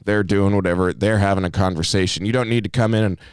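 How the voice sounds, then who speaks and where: Podcast co-host: a low-pitched, smooth-voiced man telling profane, animated bar stories. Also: fast talker, no room sound. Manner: profane, animated storytelling with acted-out quotes. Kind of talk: casual podcast chat.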